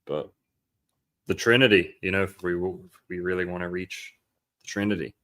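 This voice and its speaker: A man's voice: low-pitched, little pitch movement, normal speed, a bit bright. A man hosting a podcast, talking through a film in a loose, rambling and profane way. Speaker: podcast host. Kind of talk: casual film-analysis chat.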